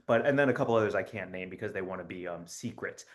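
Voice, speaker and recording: A man's voice: low-pitched, quick pace, natural voice. A man playing a rambling spy agency spokesman. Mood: cheerfully deadpan. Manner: rambling, offhand, deadpan, many fillers. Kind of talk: satirical comedy monologue.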